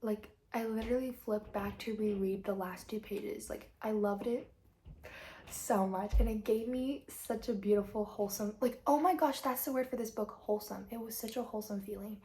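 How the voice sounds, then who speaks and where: A teenage girl chats at a middle pitch in a casual vlog, gushing with excitement and peppering her talk with "like." Now and then she drops into a hushed whisper before bouncing back up. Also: normal speed, slight background noise. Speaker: book vlogger. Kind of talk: casual chat.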